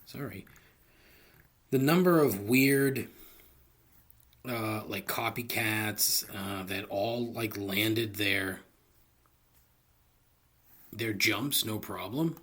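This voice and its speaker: A man's voice: fairly low pitch, drawn-out words, long pauses, fairly bright tone. A man hosting a solo comedy podcast, rambling profanely into a close microphone and laughing at his own jokes. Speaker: podcast host. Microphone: close studio microphone.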